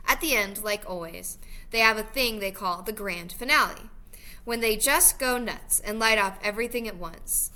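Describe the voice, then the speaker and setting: A woman reading a novel aloud in an expressive, lively storytelling manner. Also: mid-range voice, moderate pace. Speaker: reader.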